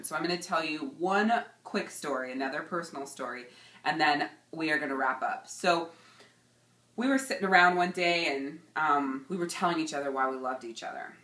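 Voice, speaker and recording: A woman in her thirties giving an energetic, emphatic motivational talk as a coach and vlog host. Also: low voice. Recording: echoey room.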